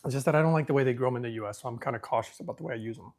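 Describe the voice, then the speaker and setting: Talking very fast in a mid-range, darkish voice, a livestream host answers viewer questions in a relaxed Q&A. He thinks aloud while reading from the screen, sounding comfortably self-assured.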